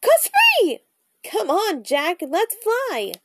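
Woman doing a thrilled croaking raven girl. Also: extremely high pitch, slow, dry recording, voice pushed up, full character voice. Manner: excited, urging calls.

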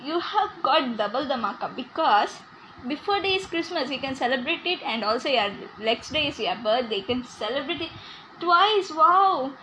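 A woman's voice: high voice, animated, brisk, a bit bright, slight background noise, poor audio. A young woman hosting a casual podcast, chatty and teasing, laughing often. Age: young adult. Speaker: podcast host.

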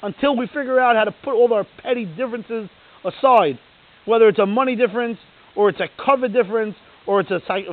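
High-voiced man preaching over a tinny line. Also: fairly quick. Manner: storytelling, building to emphatic rhetorical questions. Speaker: Torah lecturer. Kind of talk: sermon. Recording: tinny phone-like recording.

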